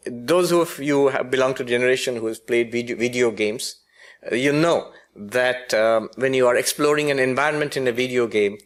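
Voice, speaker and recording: A man's voice: fairly high pitch, a bit bright. A man, a spiritual teacher, giving a philosophy lecture with humorous storytelling and frequent self-corrections.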